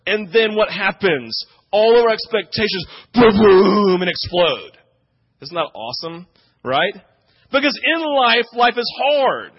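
A man with a notably high voice delivers a sermon, speaking to his congregation in a conversational way. He keeps asking "right?" and throws himself into the quotes he acts out. The recording sounds muffled and lo-fi. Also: expressive, unhurried, slightly rough, no room sound. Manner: acts out quoted speech with energy. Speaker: pastor.

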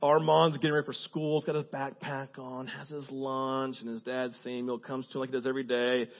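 A man preaching a sermon as pastor, animated and conversational with asides. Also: medium pitch, a little fast, lo-fi sound. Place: church.

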